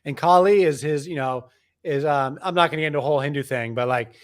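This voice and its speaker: Animated male author, higher-pitched voice. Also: quick pace. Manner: animated storyteller, frequent restarts. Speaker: author, interview guest. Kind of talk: conversational explaining.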